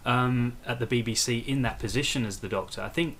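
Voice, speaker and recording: A man's voice: mid-range voice, fairly quick, a bit bright. Eager male interviewer, slight background hiss. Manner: eager, admiring, many backchannel murmurs. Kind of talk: interview questions.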